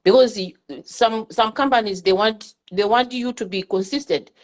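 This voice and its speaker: A woman's voice: fairly high pitch, moderate pace. A woman in a casual talk-show discussion, earnestly giving advice and often repeating her words. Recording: muffled lo-fi audio.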